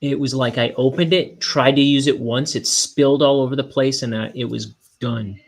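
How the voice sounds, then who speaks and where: A young man, a cartoonist, rambling in a meandering, self-deprecating way with deadpan jokes while he works. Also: mid-range voice, moderate pace. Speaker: cartoonist inking his graphic novel. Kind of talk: casual rambling studio vlog.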